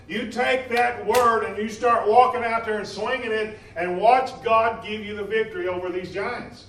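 A man preaching a sermon in a church, impassioned, swinging between loud emphasis and quieter stretches. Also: high-pitched, fairly even intonation, normal speed, few pauses. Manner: impassioned, rising and falling in emphasis. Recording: echoey room from a distance.

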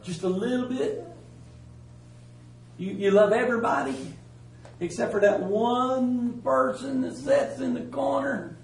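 A man preaching a sermon in a folksy, emphatic way, swinging from loud to hushed. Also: very high-pitched, steady tone, measured pace, gravelly, pauses often. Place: church. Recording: roomy church sound from a distance.

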